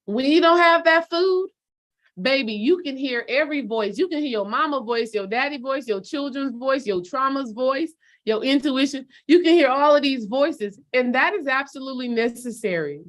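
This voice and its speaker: A woman's voice: high-pitched, animated, moderate pace. A woman spiritual coach giving a casual motivational talk to her followers, direct and preachy, calling them sis and baby.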